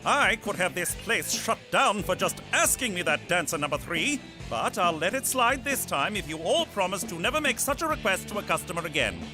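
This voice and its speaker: Smug cartoon fed, officious, high for a man, lively. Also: normal speed, hardly any pauses, over music. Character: smug, lecherous male federal agent.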